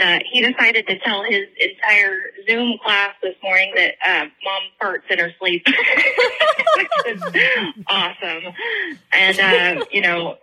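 A woman's voice: mid-range voice, pushed and bright, low-quality recording. A woman in her thirties from Northern California, leaving a rambling, giggly voicemail story full of likes and ums. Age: 30s. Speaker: podcast caller.

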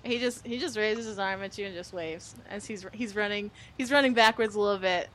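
A woman's voice: mid-range voice, brisk, fairly bright tone, a little hiss or hum. A young adult woman narrating as game master, casual, laughing and swearing freely.

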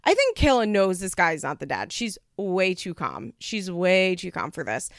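A woman's voice: lowish voice, big pitch swings, moderate pace, no room sound, studio quality. A young woman hosting a casual podcast, recapping a reality show in a chatty, laughing way and animatedly quoting other people. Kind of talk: casual chat.

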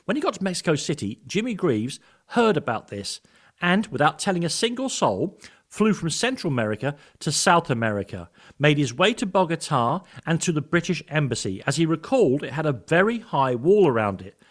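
A male radio host reads a scripted tribute, voice sitting a little high with a lively, rising and falling pitch. He tells his stories in an earnest, personal way. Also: brisk. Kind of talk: scripted narration.

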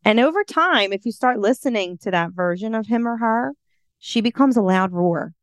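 A woman's voice: fairly high pitch, lively intonation, moderate pace, dry recording, studio quality. A woman guest who works as a coach, speaking earnestly and reflectively in a casual interview. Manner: earnest, reflective talk about spirituality.

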